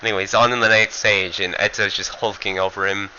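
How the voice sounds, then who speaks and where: A man's voice: fairly low pitch, little pitch movement, a little fast, bright, forceful tone, dull audio, slight background noise. A man giving a casual, rambling manga review, full of fillers and swearing.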